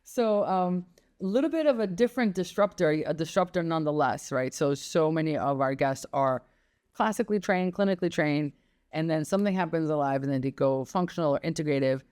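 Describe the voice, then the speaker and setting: This is a woman host with a notably low voice, reading a polished podcast intro and then chatting casually with her guest. She sounds upbeat and enthusiastic, given to gushing reactions. She is middle-aged. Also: fairly quick, darkish tone. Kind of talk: scripted intro then casual interview chat.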